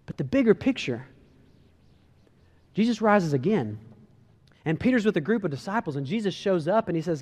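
A man preaching a casual, animated sermon, telling a story and acting out the voices. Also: high voice, moderate pace, pauses often, in a large hall. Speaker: pastor.

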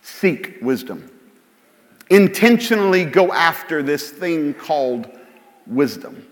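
A man's voice: a little high, expressive, slow. A man preaching a sermon as pastor, conversational and joking at his own expense. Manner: conversational preaching with self-deprecating humor. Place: church sanctuary. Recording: long hall reverb.

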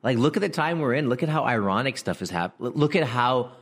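A young man hosting a casual comedic monologue, slangy and animated, who laughs mid-sentence and acts out quoted voices. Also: mid-range voice, fast talker. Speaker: comedian podcast host.

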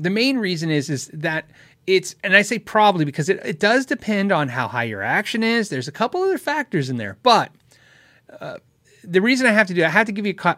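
A man's voice: a little high, fairly bright tone, dry recording, studio quality. A man hosting a casual live question-and-answer show, rambling, correcting himself and chuckling often. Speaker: host answering viewer questions.

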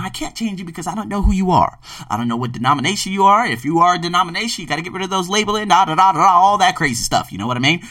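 A man hosting his own podcast, fairly high-pitched with a bright, pointed edge. He talks emphatically, leaping between loud bursts and quiet asides. The sound is dry and a little distant from the mic. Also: dry recording. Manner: animated, emphatic, swings from loud outbursts to low murmurs. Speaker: podcast host. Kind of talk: podcast book review monologue. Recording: dry, set back from the mic.

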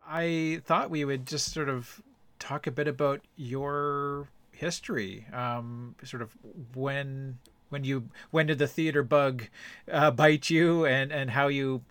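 A man's voice: medium pitch, fairly even intonation, slow pace, fairly bright tone, smooth, dry recording. A man hosting a podcast, reading a playful intro, then asking questions in a hesitant, rambling way. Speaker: podcast host. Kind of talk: scripted podcast intro and interview.

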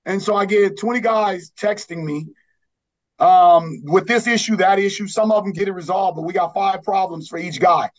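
A man's voice: sits high, normal speed, rough recording. A man who coaches basketball, from Los Angeles, talking earnestly as an interview guest, rambling with many restarts.

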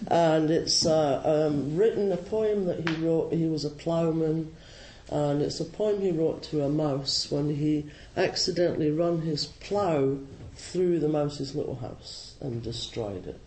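A man with a Scottish accent, a Zen teacher giving a slow, gently humorous and reflective dharma talk. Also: a little high, a little hiss or hum. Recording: roomy hall with faint ambience.

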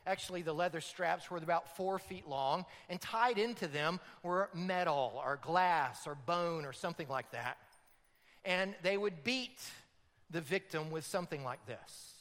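A man preaching a sermon, dramatic and building to loud emphatic peaks. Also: on the high side, unhurried, long reverb tail. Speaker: pastor.

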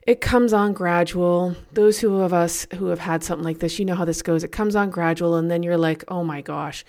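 A woman with a fairly low voice hosts a podcast and tells a personal story in a loose, chatty way. She keeps her delivery animated and laughs at herself as she talks. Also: brisk. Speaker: podcast host.

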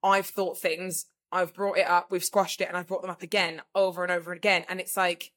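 A woman co-hosting a podcast talks fairly quickly in a low, slightly bright voice with flat delivery. The chat is casual and rambling, thick with fillers and a constant stream of "like."

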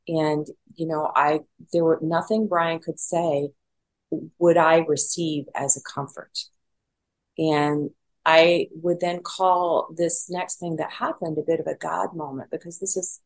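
A woman's voice: low-pitched, darkish tone, low-quality recording. A middle-aged woman telling a candid personal story, self-deprecating and full of fillers. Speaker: podcast guest.

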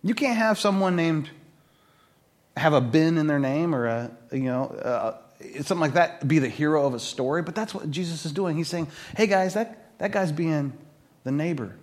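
A man's voice: a little high, expressive, normal speed. A middle-aged man preaching a conversational sermon, telling the story and acting out the people in it. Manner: conversational, storytelling, acts out quoted voices. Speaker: pastor.

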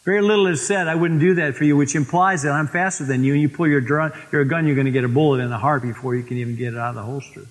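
A male pastor delivers a sermon at a middling pitch, drawing out scripture lines for weight. His voice carries a long reverb from a large church sanctuary. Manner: storytelling, slows for emphasis on scripture.

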